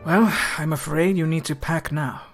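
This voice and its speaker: A woman voicing a formal, polite ship's captain, reading his game lines quietly. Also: low-pitched, normal speed, music in the background. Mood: apologetic.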